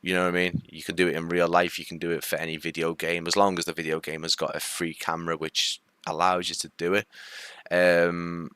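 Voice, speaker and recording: Deep-voiced chatty man, light Liverpool accent. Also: completely flat delivery, a little fast, fairly bright tone, smooth, no room sound. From Liverpool, England. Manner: rambling and chatty, with many fillers and restarts; friendly, greets viewers and answers comments. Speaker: live-stream host. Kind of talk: casual live-stream chat with viewers.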